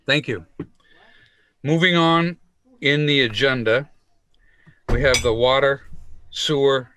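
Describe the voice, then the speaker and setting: A man chairing a town meeting, speaking in a measured way with many fillers as he moves through the agenda. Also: mid-range voice, pushed and bright, no room sound.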